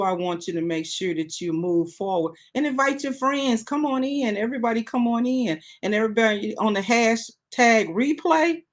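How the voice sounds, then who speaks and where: A woman's voice: on the high side, fairly bright tone. Chatty woman hosting a live talk show. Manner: chatty, reads viewer comments aloud.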